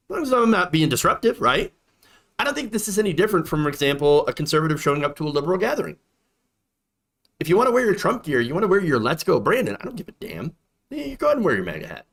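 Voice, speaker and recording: A man's voice: a little high, a bit bright. A man hosting a political commentary show, talking emphatically and repeating points for effect.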